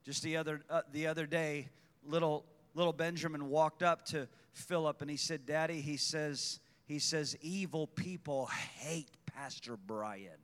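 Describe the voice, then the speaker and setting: A man's voice: on the high side, level tone, normal speed, fairly bright tone, clear, resonant tone. A man preaching a fervent sermon to his church, repeating lines for emphasis and calling out people by name. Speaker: pastor. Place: church sanctuary. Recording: long hall reverb.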